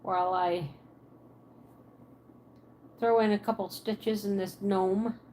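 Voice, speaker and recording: A woman's voice: mid-range voice, fairly even intonation, slow, mellow, slight background noise. A woman from Pennsylvania with a Pennsylvania Dutch accent and a Southern twang, chatting casually on a livestream from her apartment and answering viewers' comments aloud.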